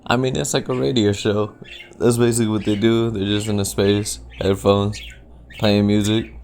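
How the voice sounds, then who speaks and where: A man's voice: on the low side, level tone, normal speed, vocal fry, darkish tone, a little hiss or hum. A man hosting his own podcast alone, rambling casually, swearing freely and laughing often. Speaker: podcast host. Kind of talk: casual solo podcast chat. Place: home by a window.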